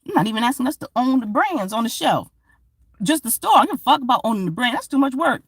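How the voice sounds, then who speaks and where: A woman, from Georgia, holds forth in a loose, profane vlog monologue. Her pitch jumps around in a lively way as she rambles from point to point. The sound is close and dry, with no room echo. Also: fast, slightly rough. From Georgia, USA. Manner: animated, profane, rambling storytelling. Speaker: vlogger. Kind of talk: casual monologue to camera.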